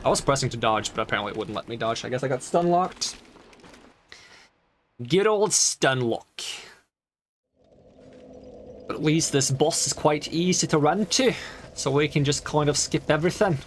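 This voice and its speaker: A man's voice: fairly high pitch, expressive, moderate pace, long pauses, a little hiss or hum. A man streaming gameplay, muttering at enemies in an impatient, grumbling way and speaking in a made-up accent. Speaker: game streamer. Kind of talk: live gameplay commentary.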